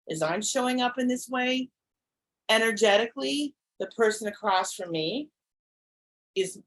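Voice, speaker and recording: A woman's voice: mid-range voice, low-quality recording. A woman hosting a podcast, talking earnestly and reflectively, often restarting her sentences. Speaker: podcast host. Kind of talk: casual conversation.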